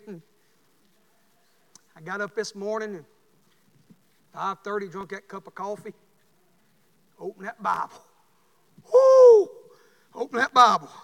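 A middle-aged preacher man with a high, ringing voice. He tells homespun stories, then swells into fervent, shouted exhortation. The sound carries the long reverb of a church hall. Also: gravelly. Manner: folksy storytelling, rising to fervent shouts. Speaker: pastor. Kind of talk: sermon.

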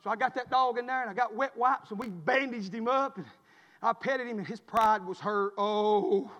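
A man preaching a sermon, swinging from quiet storytelling to shouted preaching. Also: very high voice, normal speed, big-room sound. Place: church.

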